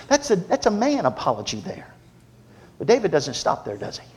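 A man delivering a sermon with a fairly high voice. He tells jokes with lively energy, then drops into a low, earnest exhortation. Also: normal speed. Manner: animated, humorous storytelling then earnest preaching. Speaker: preacher.

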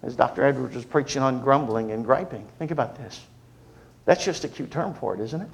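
A man preaching a sermon, moving from humorous storytelling to earnest, quieter exhortation. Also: medium pitch, fairly quick, vocal fry.

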